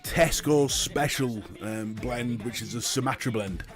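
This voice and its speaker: A man's voice: medium pitch, unhurried, music in the background. A British man hosting a casual live stream, chatting and swearing freely as he answers his viewers. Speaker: livestream host.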